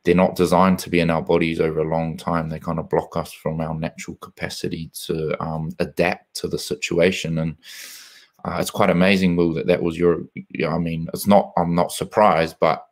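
Very deep, flat-voiced male host. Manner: reflective, measured, many fillers. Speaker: host, former rugby player. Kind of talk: casual live interview chat.

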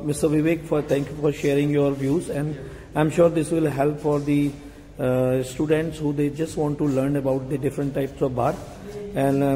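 A man with an Indian English accent talks slowly and hesitantly, filling gaps with many fillers as he guides a casual vlog tour. His voice is mellow and dark. A long reverb hangs around him in a large hall. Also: medium pitch, slight background noise. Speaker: hospitality vlogger.

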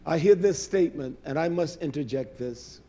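A male preacher giving a sermon, impassioned, swinging between loud declaiming and low muttering. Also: moderate pace.

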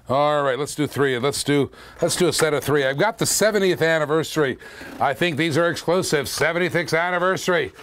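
A man with a slightly high voice runs a live auction on a stream. He talks in a jokey, chatty way, laughs a lot, and keeps repeating the current bid. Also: a bit bright.

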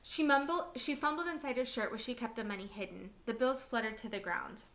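Woman reading a novel out loud, bright crisp voice, steady storytelling. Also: fairly high pitch, brisk. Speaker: reader of a novel for a class. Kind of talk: novel read aloud.

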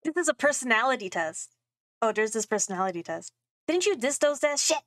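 A woman's voice: a little high, very animated, a little fast, a bit bright, no echo, studio quality. A young woman streaming a game playthrough, playful and chatty, thinking aloud as she plays.

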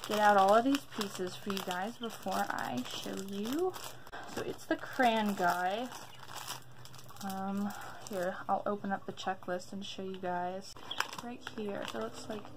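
A woman's voice: medium pitch, noisy background. A young woman chatting upbeat to her viewers in a casual haul vlog from home, a little out of breath. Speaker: vlogger.

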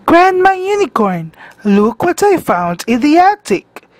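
A woman's voice: high voice, big pitch swings, slow pace, no room sound, clean studio sound, exaggerated voice. A woman voicing an eager, cheerful young male unicorn in a read-aloud storybook. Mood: excited.

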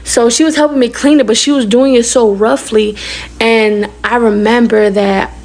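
A young woman casually telling a personal story, rapid and animated, acting out the dialogue she quotes. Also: a little high.

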